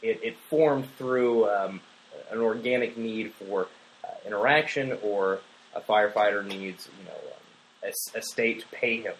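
A man's voice: on the low side, moderate pace, rough recording. Guy on a podcast rambling about a movie, lots of uh and um, faint hiss behind. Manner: rambling, many fillers and restarts. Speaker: podcast co-host. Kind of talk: casual film discussion.

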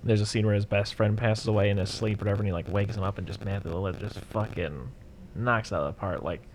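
A man's voice: on the low side, fairly even intonation, fast, slight background noise. A man co-hosting a podcast in casual chat, laid-back, swearing freely and acting out lines he quotes. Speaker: podcast co-host.

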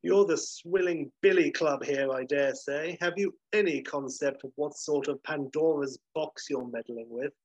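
Guy doing a snooty posh english gent crook, clipped and looking down on everyone, raised husky voice. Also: a little high, unhurried, few pauses. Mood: haughty disdain. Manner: clipped, disdainful, superior. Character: haughty upper-class English gentleman criminal, aloof.

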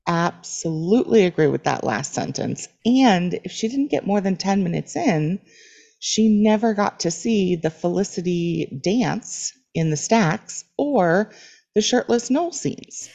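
An easygoing woman co-hosts a podcast in casual chat. Her voice has a strong gravelly fry and a lively, swooping pitch. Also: unhurried. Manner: easygoing, laughs often. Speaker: podcast co-host.

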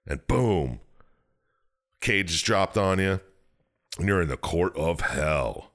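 Low-voiced man, casual profane storyteller recapping a plot. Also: lively intonation, slow pace, fairly bright tone. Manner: rambling, profane, jumps into silly quoted voices. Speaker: podcast co-host recapping a game story. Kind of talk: casual chat.

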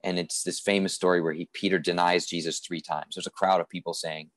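A man telling a Bible story in a relaxed, conversational sermon, with fillers and restarts as he goes. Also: sits low, fast, hardly any pauses, no echo. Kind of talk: reflective spoken sermon.

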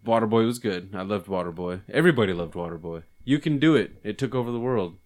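A man's voice: fairly low pitch, quick pace. A man chatting casually with friends, swearing often, laughing a lot and slipping into mock voices. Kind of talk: casual chat among friends.

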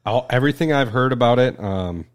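A man's voice: mid-range voice, expressive, fairly quick. A man co-hosting a casual chat show, rambling loosely with plenty of fillers. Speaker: podcast co-host.

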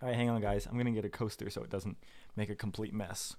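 A man's voice: lowish voice, steady tone, fast, slight background noise. A man chatting casually on his vlog from his basement office at home, rambling with lots of fillers, restarts and laughs. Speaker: video creator.

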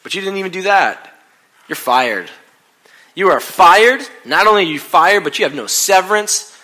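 A man's voice: high-pitched, sing-song, a little fast, pushed and bright, pitched above the performer's own voice, exaggerated voice. A man voicing a harsh, furious billionaire boss who scolds and fires an employee with indignant force. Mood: angry.

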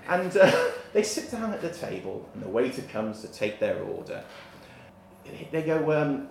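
A man's voice: fairly high pitch, big pitch swings, normal speed, creaky, reverberant, slight background noise. A man telling a comic story on stage in a live venue, laughing at his own jokes. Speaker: comedian. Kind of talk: stand-up storytelling.

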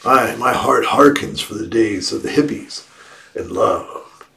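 A man giving a Buddhist dharma talk in a slow, reflective way, with playful asides. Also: mid-range voice, gravelly, fairly bright tone. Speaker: Buddhist teacher.

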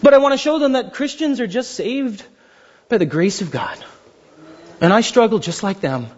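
High-voiced husky preacher man, animated. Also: normal speed, lo-fi sound. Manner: animated, joking, acts out little dialogues. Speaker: pastor. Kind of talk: sermon.

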